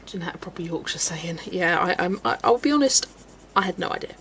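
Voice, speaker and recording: A young woman chatting casually on a livestream while she colours, self-mocking and quick to laugh. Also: lowish voice, animated, creaky, a bit bright, slight background noise. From South West England. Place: home, streaming while colouring.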